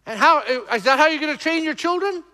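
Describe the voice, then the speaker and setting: A male pastor preaching emphatically to his congregation, shifting between loud exhortation and low, intense passages. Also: animated, brisk, big-room sound. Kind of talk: preaching a sermon.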